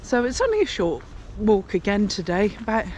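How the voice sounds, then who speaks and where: A woman's voice: mid-range voice, sing-song, normal speed, darkish tone, a little hiss or hum. An older woman chatting casually to camera while walking outdoors on a pilgrimage trail, rambling with many fillers. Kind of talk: casual walking vlog chat. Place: outdoors on country paths.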